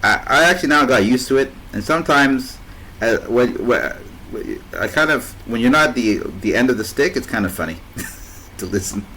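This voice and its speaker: A man's voice: medium pitch, lively intonation, moderate pace, pushed and bright, slight background noise, poor audio. A man hosting a casual voice chat, rambling anecdotes with frequent laughter. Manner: rambling, laughs often, restarts. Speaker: host.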